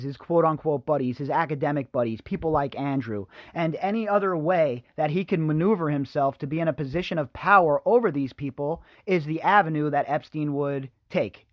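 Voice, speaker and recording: A man's voice: fairly high pitch, no room sound, lo-fi sound. A man hosting a podcast, giving blunt, sarcastic news commentary in a chatty, opinionated way. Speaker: podcast host.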